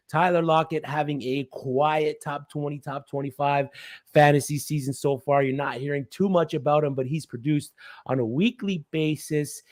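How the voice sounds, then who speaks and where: A man analysing fantasy football, reeling off statistics in a brisk, confident delivery. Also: fairly high pitch, dry recording, studio quality. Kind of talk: fast stat-heavy sports analysis.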